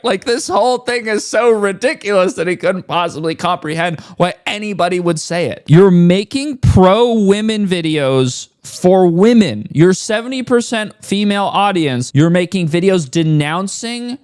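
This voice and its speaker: A man's voice: high voice, smooth, no echo, studio quality. A man hosting a commentary video, ranting in a sarcastic, profane and scornful way. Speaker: commentary host reacting to clips.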